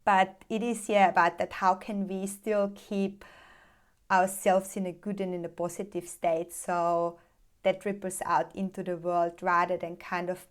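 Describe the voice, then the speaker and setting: A woman hosting a conversational podcast, speaking in a fairly low, even voice that stays flat in pitch. She reflects at length, letting her thoughts flow on in long sentences. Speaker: podcast host. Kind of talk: conversational interview.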